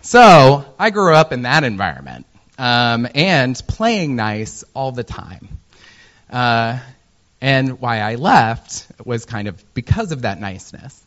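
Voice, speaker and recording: A man's voice: medium pitch, very animated, slow, fairly bright tone, lo-fi sound. An American man from Indiana giving a conference talk as a user researcher, joking and self-deprecating, with many ums and uhs. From Indiana, USA. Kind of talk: presentation talk.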